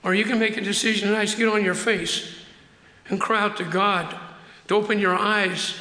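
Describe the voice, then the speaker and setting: An older man preaching as pastor of his church, acting out quotes and slowing down hard for emphasis. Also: high-pitched, steady tone, bright, forceful tone. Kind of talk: sermon. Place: church sanctuary. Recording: echoey hall.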